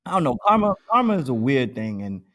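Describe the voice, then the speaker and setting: A man's voice: medium pitch, sing-song, quick pace, a bit bright. A man co-hosting a casual podcast chat, loose and profane, laughing often and acting out the people in his stories. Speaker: podcast co-host.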